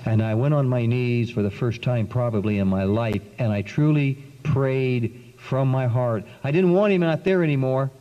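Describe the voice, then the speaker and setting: A man giving an earnest, dramatic spoken testimony to an audience, with long pauses and sudden swings in pitch. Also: warm tone. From South Carolina. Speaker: speaker giving a testimony talk. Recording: dull lo-fi 1990s recording in a long-echo hall.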